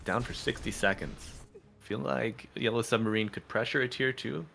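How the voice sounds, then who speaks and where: A man commentating on an esports match as the analyst, measured and asking his co-caster questions. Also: medium pitch, gravelly, pushed and bright, soft background music. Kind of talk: live game commentary.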